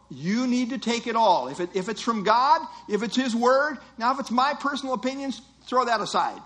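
Male preacher, higher-pitched, emphatic sermon delivery. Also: lively intonation, a little fast, few pauses, pushed and bright. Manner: earnest, emphatic teaching with rhetorical quotes.

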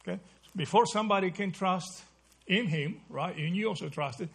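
A man's voice: sits high, normal speed, creaky, fairly bright tone, a little hiss or hum. A man teaching a Bible study class, asking the group questions and checking in with "right?" as he goes. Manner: asks the group questions, repeats "right?" often.

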